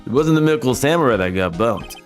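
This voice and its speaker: A man's voice: medium pitch, expressive, a little fast, close to an everyday voice. Brief: bumbling good-hearted detective, blustery and folksy, read by a male streamer, faint music behind.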